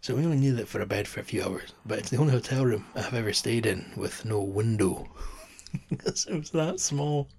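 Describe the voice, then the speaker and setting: A man's voice: fairly low pitch, fast, creaky, hardly any pauses, darkish tone, breathy edge. A man in his thirties telling a rambling travel story as a podcast host, chatty, laughing often and swearing casually. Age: 30s.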